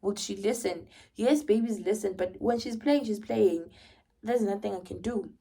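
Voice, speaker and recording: A young woman with a South African accent telling a personal story in an animated way, often dropping to a whisper. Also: medium pitch, normal speed, vocal fry, husky. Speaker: vlogger.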